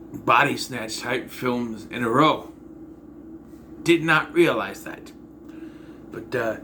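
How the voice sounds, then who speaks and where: Animated, bright-voiced man rambling. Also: medium pitch, a little hiss or hum. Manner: rambling, animated, with frequent throat clearing. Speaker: movie reviewer. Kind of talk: casual spoken movie review.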